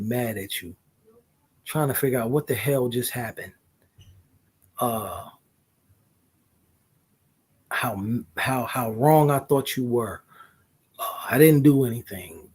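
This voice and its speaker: A man's voice: mid-range voice, a little mellow, breathy edge. A man co-hosting a casual couple's podcast, talking earnestly, often cutting in and apologizing, with some swearing. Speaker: podcast co-host.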